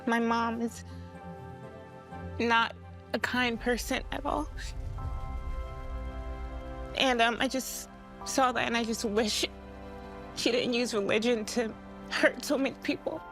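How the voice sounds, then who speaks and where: A young woman gives an emotional personal testimony in an interview. She is tearful and halting, full of pauses and fillers. Soft music plays faintly underneath. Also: on the high side, steady tone. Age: young adult.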